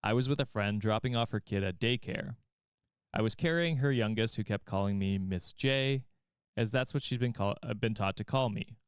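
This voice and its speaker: A man's voice: lowish voice, moderate pace, clean tone, dry recording, clean studio sound. A man hosting a podcast, reading a story aloud and chatting, often breaking into laughter. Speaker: podcast host reading stories. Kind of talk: reading aloud and casual chat.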